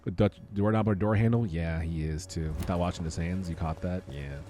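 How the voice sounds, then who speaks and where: A man's voice: low voice, fairly even intonation, brisk, music in the background. A man streaming a video game, chatting casually and mocking himself as he plays. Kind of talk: casual gameplay commentary.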